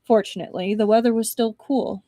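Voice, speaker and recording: A woman's voice: fairly high pitch, steady tone, a little fast, mellow, no room sound. A young woman reading a novel aloud on a live stream, breaking off for chatty asides to her viewers. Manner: chatty asides between narration.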